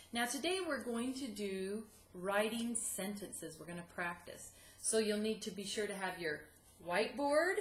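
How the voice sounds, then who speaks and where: Woman teacher, warm encouraging manner, slow clear dictation, roomy echo with faint hiss behind. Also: mid-range voice. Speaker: second grade teacher. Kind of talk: video lesson for young students.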